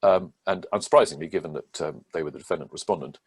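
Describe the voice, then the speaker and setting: A man, a barrister, explaining a court judgment in a measured, methodical way with frequent hesitations. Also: rumbling low, breathy edge. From England. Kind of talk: legal explainer talk.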